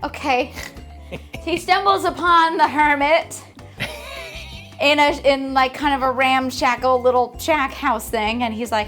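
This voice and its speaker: A woman's voice: high-pitched, a little slow, fairly bright tone, faint music behind. A woman hosting a casual book club recap, chatty with lots of fillers and some swearing. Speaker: host.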